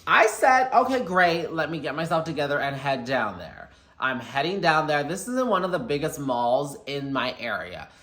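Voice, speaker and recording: Young man, bright chatty storyteller, echoey room. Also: a little high. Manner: chatty and animated, quotes people in quick asides. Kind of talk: casual storytime vlog.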